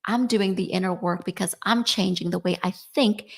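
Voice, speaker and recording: Gravelly-voiced woman in her forties. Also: medium pitch, normal speed. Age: 40s. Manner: chatty, often ends points with "right?". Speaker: podcast co-host. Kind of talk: casual podcast chat.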